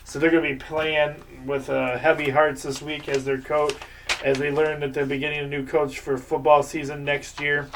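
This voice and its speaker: A man's voice: a little high, little pitch movement, moderate pace, a bit bright, recorded from a distance, a little hiss or hum. A man hosting a local sports show, giving casual, rambling game picks and previews.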